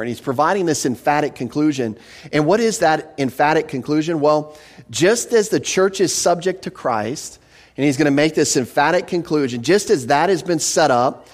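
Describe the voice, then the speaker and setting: Earnest man preaching an expository sermon. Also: mid-range voice. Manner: earnest, emphatic, repeats words when starting a phrase. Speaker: pastor.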